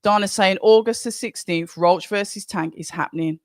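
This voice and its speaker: A live-stream host with a Birmingham accent talks through a boxing watch-along in an easygoing, rambling way, often restarting sentences. The voice sits in a middle pitch. The recording is dry and close, with no room echo. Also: normal speed. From Birmingham, England. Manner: chatty and rambling, with frequent restarts. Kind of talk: casual live-stream commentary, reading out chat.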